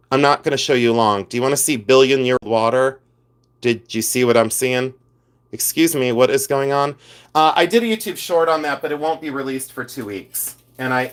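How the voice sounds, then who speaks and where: A middle-aged man hosting a casual jewelry livestream, chatty and excitable, often breaking into exclamations. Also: mid-range voice. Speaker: livestream host selling jewelry.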